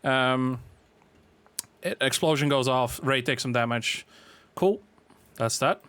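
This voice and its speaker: A man explains a game boss fight in a loose, laid-back way, stopping often for fillers as he works through each step. His voice sits at an ordinary middle pitch. The sound is dry, with no room echo. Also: slow pace, clear, resonant tone. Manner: relaxed, filler-heavy explaining. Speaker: game guide creator. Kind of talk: casual walkthrough of a raid boss.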